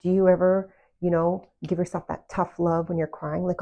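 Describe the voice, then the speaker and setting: A woman with a low voice gives casual self-love coaching straight to the listener. She talks earnestly and keeps putting direct questions to the people she is addressing. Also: level tone, moderate pace, mellow, dull audio. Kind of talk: casual motivational talk to camera.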